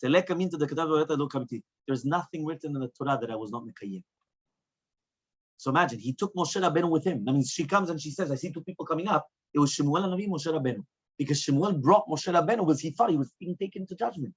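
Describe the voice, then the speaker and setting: A man's voice: on the high side, expressive, fast, breathy edge, low-quality recording. A man teaching a Talmud lesson as a rabbi, asking rhetorical questions and moving between Hebrew and English. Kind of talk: Talmud lecture.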